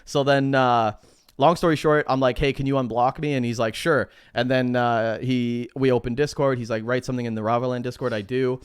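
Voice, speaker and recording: Smooth-voiced man telling a story. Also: medium pitch, fairly quick, no echo, studio quality. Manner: animated anecdote-telling, swearing, acting out quoted dialogue. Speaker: podcast co-host. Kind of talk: casual podcast storytelling.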